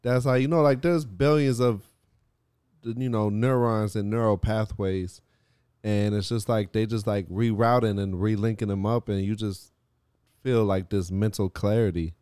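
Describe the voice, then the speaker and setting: A man hosting a podcast, telling animated stories in casual chat, swearing and laughing often. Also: lowish voice, normal speed, clear, resonant tone, no echo, studio quality. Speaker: podcast host.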